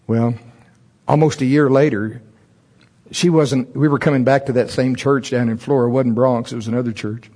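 A man preaching a sermon through a humorous personal story. He chuckles often and jumps into loud, high-pitched voices when he acts out his own thoughts. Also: moderate pace. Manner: chuckles often while telling stories.

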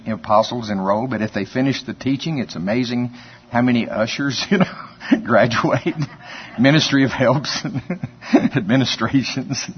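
A man's voice: medium pitch, slight background noise. A man preaching a sermon in a folksy, conversational way, telling stories and chuckling often. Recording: dull lo-fi sermon recording.

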